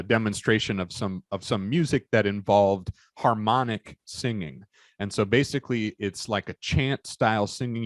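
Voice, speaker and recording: A man with a somewhat low voice explains lecture material and often pauses, restarts and fills gaps. The recording is dry, with no room echo. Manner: halting, many fillers and restarts, explanatory.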